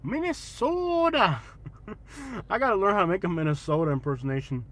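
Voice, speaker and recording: A man's voice: on the high side, sing-song, fast talker, a bit bright. Rambling, jokey man chatting while driving. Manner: rambling, jokey, laughing often. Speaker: livestreamer. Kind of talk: casual live-stream chat. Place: in a car, driving.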